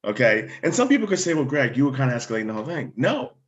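Male fire chief, animated storyteller, mid-range voice, dull recording. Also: mid-range voice, rapid-fire, slight background noise. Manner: animated, restarts words, acts out dialogue. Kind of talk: conversational storytelling.

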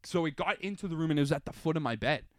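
A young man co-hosting a podcast, telling a story in animated casual chat and acting out his own shouts. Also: fairly high pitch, racing, no echo, studio quality. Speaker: podcast co-host.

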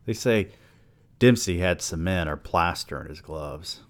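A man's voice: sits low, lively intonation, measured pace. A man voicing a skeptical male bar patron who talks in a dry, doubting way.

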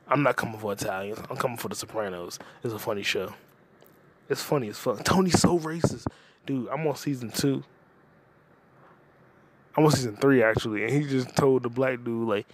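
A man hosting a comedy podcast, ranting casually with lots of profanity and quick jumps between topics. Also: medium pitch, breathy edge. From United States. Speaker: podcast host.

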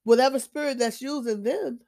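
A Christian vlogger shares her faith testimony in a casual, preachy way, her high-pitched voice gravelly and a little mellow at a normal speed. She is emphatic, repeats herself, and restarts often.

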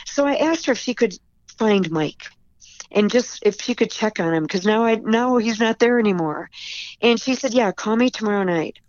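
A woman's voice: fairly high pitch, lively intonation, moderate pace, a little mellow, no room sound, dull audio. A woman author, a podcast guest, telling a personal story in an earnest, emotional way with frequent restarts. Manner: tearful and earnest, with repeated restarts.

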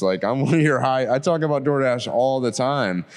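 A man's voice: medium pitch, normal speed, clean tone. A young man, a delivery driver, telling a story casually and animatedly, acting out the dialogue. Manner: animated, acts out quoted dialogue.

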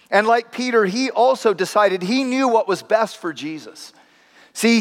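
A man preaches a sermon, telling stories and slipping into voices with dry, wry asides. His voice sits high. The sound rings with a long hall reverb. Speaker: pastor.

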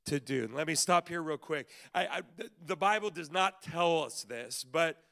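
A man pastor delivers a sermon at a church service. He talks in a lively, conversational way and often stammers into restarts. His voice is high and bright, with a gravelly rasp. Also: moderate pace.

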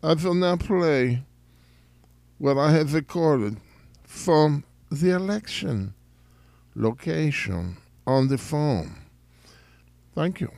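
Man playing a slow, gravelly German leather merchant calling in, pompous and formal, dry close sound. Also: fairly high pitch, animated, darkish tone, no room sound, exaggerated voice. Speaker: caller. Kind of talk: comedic prank call monologue. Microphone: phone call.

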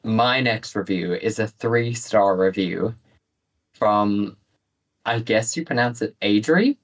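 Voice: mid-range voice, slow pace, rough recording. A podcast co-host in casual chat, reading out film reviews, giggling often and trailing off with fillers.

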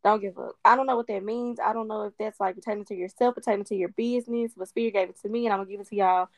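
A woman's voice: mid-range voice, fairly even intonation, racing, no room sound. A woman, talking in a casual spiritual chat, emphatic and encouraging. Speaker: guest.

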